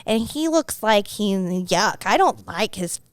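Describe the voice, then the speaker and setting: A woman voicing a cute little girl who talks bluntly about a stranger in a slow, sing-song, childish drawl. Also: medium pitch, big pitch swings, smooth, no echo, studio quality. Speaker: podcast co-host.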